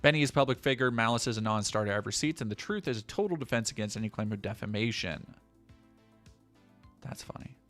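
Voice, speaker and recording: A male streamer reads news headlines to his chat and reacts with mocking asides. His everyday voice swings widely in pitch. Faint music plays behind him. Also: lively intonation, rapid-fire, few pauses, fairly bright tone. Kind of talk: casual stream commentary.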